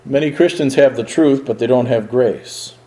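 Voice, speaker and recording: A man preaching a sermon in an earnest, emphatic way, swinging his pitch and pace to stress his points. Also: normal speed, warm tone, roomy sound, low-quality recording.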